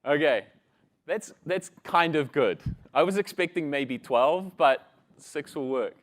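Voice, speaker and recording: Casual male speaker with a slightly high voice, audience-engaging conference presenter. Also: expressive, slow. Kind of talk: conference talk with storytelling.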